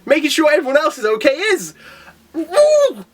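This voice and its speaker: A young man in a casual manga chapter review, excitable and rambling, who laughs often and breaks into character voices. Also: extremely high pitch, moderate pace.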